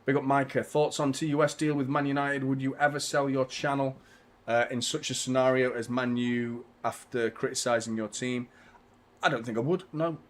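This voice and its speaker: A man hosting a live football watchalong, talking casually to his audience, often swearing and getting loud and frustrated about the match. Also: medium pitch, moderate pace. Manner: ranting, swearing, frustrated, shouting when excited. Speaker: football channel host.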